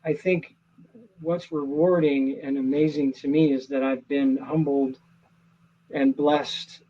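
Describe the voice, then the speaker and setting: Husky man, animated and earnest. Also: a little high, slow, muffled recording. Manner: earnest, animated storyteller with many restarts. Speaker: actor, interview guest. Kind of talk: casual interview chat.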